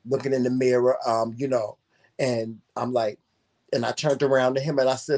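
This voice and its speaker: A man co-hosting a casual talk show, telling a personal story in an animated, profane and emphatic way. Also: mid-range voice, moderate pace.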